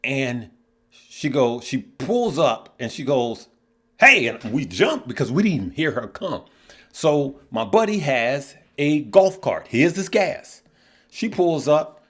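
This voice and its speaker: A man's voice: medium pitch, animated, slow pace. Male finance vlogger, blunt and opinionated, chatty storyteller with a mid-range voice. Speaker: investing course host. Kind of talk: casual vlog monologue.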